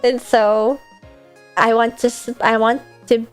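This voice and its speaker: A woman's voice: fairly high pitch, level tone, takes it slowly, clean tone, soft background music. A woman hosting a casual live-stream Q&A, chatty and rambling, with a self-deprecating streak.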